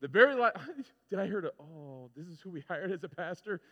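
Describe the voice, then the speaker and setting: A male pastor preaching a sermon, telling stories with lively, animated delivery and acting out his own frustrations. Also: high-pitched, a little fast. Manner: animated storytelling, acts out his own complaints. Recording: muffled sound with long hall reverb.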